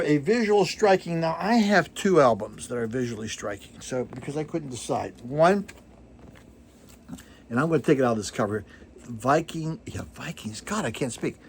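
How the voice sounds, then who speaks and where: A man's voice: on the high side, lively intonation, normal speed, long pauses, a little hiss or hum. An older man hosting a vinyl record channel, chatting casually to camera in a rambling, self-deprecating way, full of digressions and fillers.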